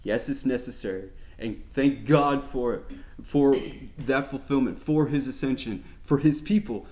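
A man's voice: medium pitch, unhurried, hardly any pauses, a little mellow. A man teaching a sermon, speaking earnestly with many restarts, then reading scripture aloud. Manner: reads scripture aloud steadily. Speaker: Bible teacher.

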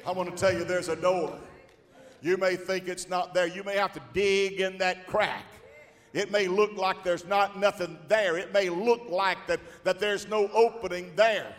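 A male pastor preaching a sermon to a congregation, building from slow, measured lines to shouted, drawn-out exclamations. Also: sits high, steady tone. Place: large church hall. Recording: long hall reverb.

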